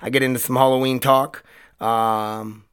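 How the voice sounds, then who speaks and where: A man hosting his own solo podcast, his voice hoarse and cracking, rambling in a loose, chatty way with plenty of swearing. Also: medium pitch, level tone, measured pace, fairly bright tone. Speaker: podcast host. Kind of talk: casual solo podcast monologue.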